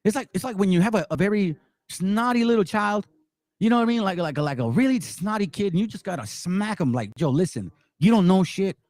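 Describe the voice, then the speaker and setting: A man's voice: high-pitched, lively intonation, fairly quick, no room sound. A man hosting a commentary channel, delivering a heated, profane, mocking monologue full of repetition. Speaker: religious commentary channel host.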